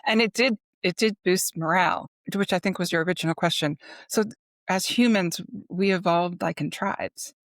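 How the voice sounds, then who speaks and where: A middle-aged business consultant speaks casually as a podcast interview guest, her voice on the low side at a normal speed. She's chatty and filler-heavy, animatedly acting out anecdotes. The studio-quality recording has no room sound.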